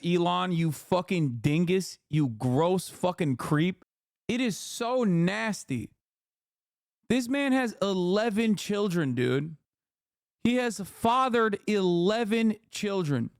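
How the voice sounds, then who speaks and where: Man, higher-pitched voice, angry profane ranting, livestream reaction, dry close sound. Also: dry recording. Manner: mocking quoted voices. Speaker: streamer.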